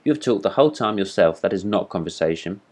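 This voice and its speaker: A man's voice: sits low, expressive, fast, darkish tone. A man reading a storybook voicing a pompous, self-important male firework rocket with a haughty, supercilious manner.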